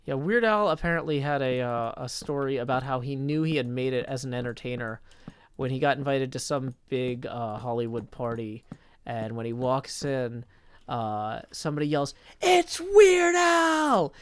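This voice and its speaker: A man hosts a casual live stream, reading viewer comments and rambling cheerfully through his thoughts. His voice sits at a middle pitch and sounds close and dry, with no room echo. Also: moderate pace, smooth. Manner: chatty, thinks aloud, reads viewer chat.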